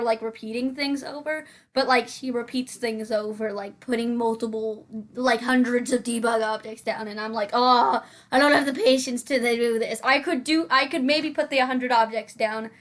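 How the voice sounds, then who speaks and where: High-voiced young woman rambling casually. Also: fairly bright tone. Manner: rambling, giggly, lots of "like" and restarts. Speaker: Sims building channel host. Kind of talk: casual voice-over chat.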